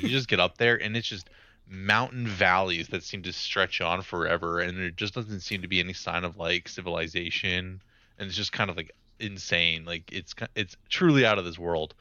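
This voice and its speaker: A young man with a low, smooth, forceful voice rambles easily through podcast chat with plenty of ums and likes. He sounds dry and close. The recording is slightly muffled and lo-fi. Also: no room sound. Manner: rambling, hesitant with many fillers. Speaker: podcast co-host. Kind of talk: casual chat. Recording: dull lo-fi mic, dry.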